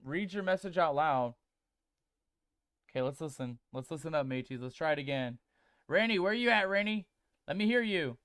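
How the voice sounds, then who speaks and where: A man's voice: fairly high pitch, animated, moderate pace, long pauses, fairly bright tone, clear, resonant tone, no echo, clean studio sound. A man streaming a game, chatting casually and playfully with viewers he calls mateys while reading chat aloud. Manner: reads chat aloud and tests text-to-speech voices.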